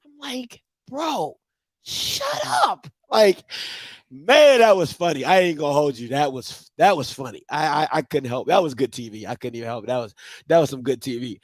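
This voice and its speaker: A man hosting a call-in show, commenting loudly and laughing, often acting out other people's voices. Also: mid-range voice, animated, brisk, dry recording. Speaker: show host.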